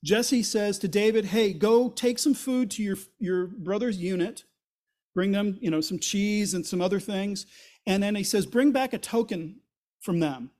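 A man's voice: high-pitched, unhurried, a little mellow. A man preaching a sermon as pastor, in a conversational, explanatory way, asking rhetorical questions and voicing the quotes he reads. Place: church.

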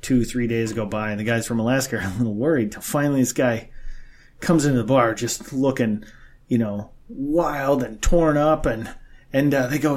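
A man's voice: medium pitch, normal speed, darkish tone. A man in casual chat, telling long crude jokes and acting out the characters in them. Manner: rambling joke-teller acting out characters.

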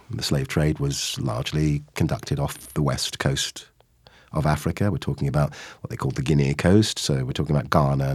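A man, an actor, answering interview questions with animated stories, acting out quoted lines as he goes. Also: a bass voice, breathy edge, no room sound, studio quality.

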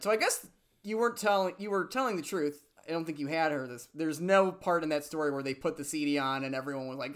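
A man's voice: on the high side, animated, fairly quick, a bit bright. Chatty young male podcast host. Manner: chatty, lots of fillers and restarts. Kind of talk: casual chat.

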